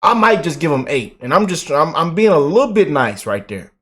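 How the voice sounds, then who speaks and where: Animated, mocking male commentary host. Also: fairly high pitch, fairly quick. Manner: animated and mocking, slangy, repeats words, laughs often. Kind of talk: casual reaction commentary.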